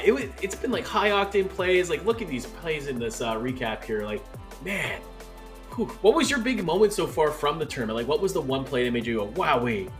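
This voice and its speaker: A Canadian man hosting an esports tournament desk, excitable and full of "like" fillers. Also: mid-range voice. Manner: excitable, filler-heavy with lots of "like". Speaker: tournament host.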